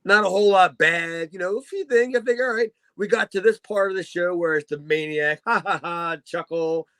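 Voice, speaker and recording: High-voiced man rambling on a podcast. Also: brisk, a bit bright, dry recording. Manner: rambling, laughs often, swears. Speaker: podcast co-host. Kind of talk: casual chat.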